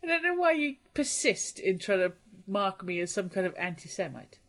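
Woman from England, mid-pitched, blunt and teasing podcast co-host, loose banter. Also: sing-song, normal speed, fairly bright tone. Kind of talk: casual comedic chat.

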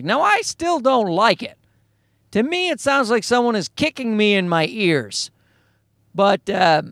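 A man's voice: sits high, a bit bright, no room sound, clean studio sound. A middle-aged man hosting a podcast alone, talking in a rambling, profane, self-mocking way. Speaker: podcast host. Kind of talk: casual solo podcast monologue.

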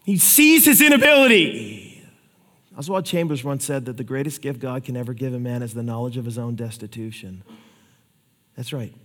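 A man preaching a sermon, telling stories with lively acted-out quotes. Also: medium pitch, moderate pace, big-room sound. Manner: animated storytelling, acts out quotes. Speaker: pastor.

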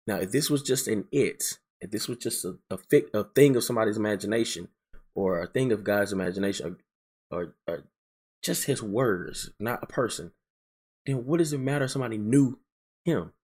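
A man teaching verse by verse through scripture, emphatic and repetitive, slowing down to read passages aloud. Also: lowish voice, animated, a little mellow, husky. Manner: emphatic, repeats key phrases, slows down to read scripture aloud. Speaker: preacher.

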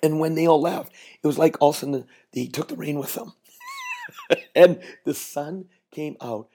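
A man's voice: fairly high pitch, moderate pace, dark tone. A middle-aged man hosting a podcast, telling a chatty, folksy story that builds to a business lesson. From Canada. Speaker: podcast host.

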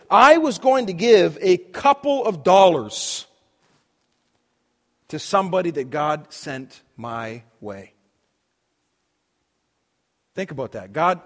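A man preaching a sermon to students, telling a story and swinging between loud and hushed delivery. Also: a little high. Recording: long reverb of a hall.

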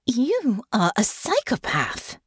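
A proud young noblewoman, played by a woman narrator, her voice climbing high and swinging widely. She speaks sharp and bitter in a storybook reading. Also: huge pitch swings, slow pace, slightly rough, no room sound, clean studio sound, full character voice. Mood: indignant.

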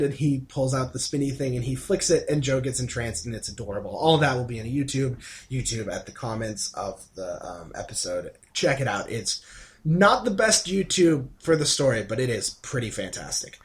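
A man co-hosting a podcast, recapping an episode in an excitable, gushing way and acting out the characters' lines. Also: mid-range voice, normal speed. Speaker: podcast co-host. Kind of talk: casual podcast chat.

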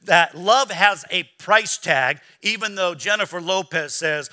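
Pastor, male, high and very bright voice, lively sermon delivery with call-and-response. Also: unhurried. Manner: preaching with call-and-response questions to the congregation; acts out quoted voices in a lively, mocking tone.

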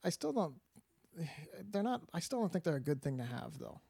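A man's voice: on the high side, big pitch swings, fairly quick, creaky, dark tone, husky, no room sound, clean studio sound. A man co-hosting a movie podcast, talking in a laid-back, opinionated way. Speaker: podcast co-host. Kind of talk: casual movie podcast chat.

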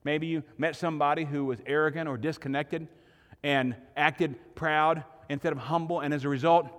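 A man's voice: a little high, steady tone, moderate pace, fairly bright tone, in a large hall. A pastor giving a sermon to his congregation in a church, preaching earnestly and building to emphatic points. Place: church sanctuary.

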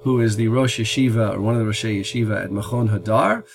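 A middle-aged man teaching about the wording of a text, explaining step by step with thoughtful pauses. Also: lowish voice, steady tone, vocal fry, noisy background. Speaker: Talmud teacher and podcast host.

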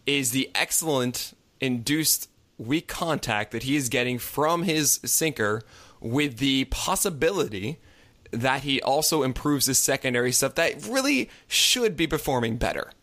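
A man co-hosting a podcast, pushing back in a casual debate. His voice sits at a middling pitch, and he talks in quick bursts full of restarts and half-finished thoughts. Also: lively intonation, fairly bright tone. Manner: defensive, quick-talking with many restarts and laughs. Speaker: fantasy baseball podcast co-host.

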